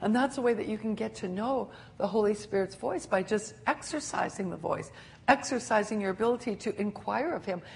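An older woman preaching a sermon, animated and laughing often as she acts out quotes. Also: medium pitch, fairly quick, creaky.

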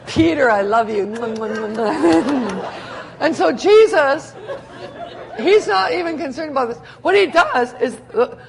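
A woman preaching a sermon in an animated way, laughing often and acting out the scenes she describes. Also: on the high side, gravelly.

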